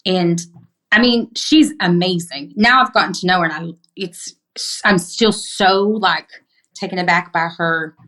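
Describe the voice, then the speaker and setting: A middle-aged woman from Arkansas with a Southern accent, a podcast guest telling stories in emphatic, animated casual chat with plenty of swearing. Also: fairly low pitch, measured pace.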